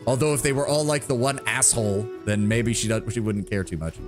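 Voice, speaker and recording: A man's voice: mid-range voice, a little fast. A man streaming a role-playing game, joking, swearing and thinking aloud, who also reads the game's story text. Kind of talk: casual game commentary and reading game text aloud. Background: faint game music.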